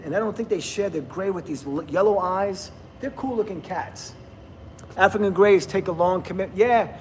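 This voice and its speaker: A man's voice: high-pitched, a little hiss or hum. A middle-aged man, hosting a casual livestream, chatting, laughing and reading viewer comments aloud. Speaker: livestream host.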